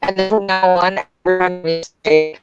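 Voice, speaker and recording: A woman hosting a casual group chat over a video call, loud, laughing and swearing freely. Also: on the low side, fairly even intonation, brisk, highs cut off, over music. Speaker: host.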